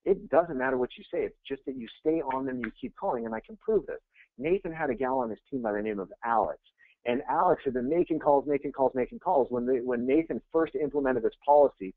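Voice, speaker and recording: A man coaching real estate agents in a webinar, energetic and conversational, blunt and quick to go off on tangents. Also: medium pitch, no echo. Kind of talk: webinar presentation. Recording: tinny, dry phone-like webinar audio.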